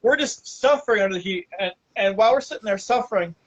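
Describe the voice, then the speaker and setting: Animated host-storyteller, mid pitch, slightly muffled lo-fi audio. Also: fast talker. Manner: animated, laughing through the telling. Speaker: podcast host. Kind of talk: casual storytelling.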